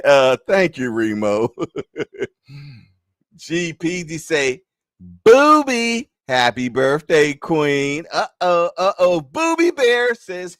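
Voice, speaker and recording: A man's voice: mid-range voice, no echo, studio quality. A man hosting a casual live stream, joking, laughing often and reading viewer comments aloud in loose slang. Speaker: livestream host.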